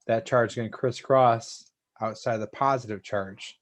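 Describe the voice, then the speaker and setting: A man's voice: mid-range voice, steady tone, moderate pace. A man teaching a chemistry lesson to an online class, talking casually and thanking students by name.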